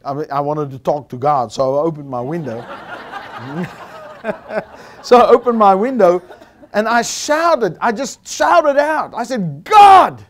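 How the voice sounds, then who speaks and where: A South African man preaching a storytelling sermon to a Bible college audience, animated and rising to shouts at the high points. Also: unhurried, long pauses.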